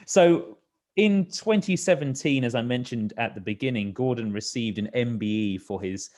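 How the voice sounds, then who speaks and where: A man's voice: medium pitch, moderate pace, darkish tone. A man hosting an interview, asking questions with some hesitation and filler words. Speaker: interviewer host.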